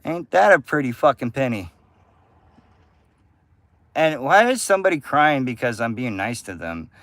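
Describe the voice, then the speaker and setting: A U.S. streamer's medium-pitched voice moves in a sing-song way at normal speed, a bit bright and echo-free. In casual livestream chat, he hurls profane, combative rants at his viewers.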